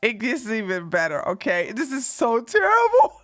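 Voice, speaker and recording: A woman streamer giving live reaction commentary, mocking what she watches and often laughing and breaking into shouts. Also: mid-range voice, animated, moderate pace.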